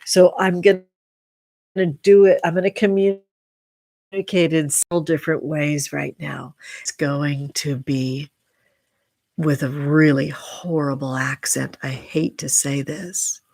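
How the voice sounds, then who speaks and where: A woman hosting a casual tarot reading livestream from home, effusive and drawn-out, calling her viewers sweet names. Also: deep voice, steady tone, warm tone, dry recording. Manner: effusive, slow and drawn-out, affectionate terms for viewers. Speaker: tarot reader and channel host.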